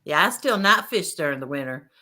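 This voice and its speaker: A woman's voice: low voice, lively intonation, a little fast, pushed and bright. A woman hosting a casual fishing livestream, reading out chat names and greeting viewers. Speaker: livestream host.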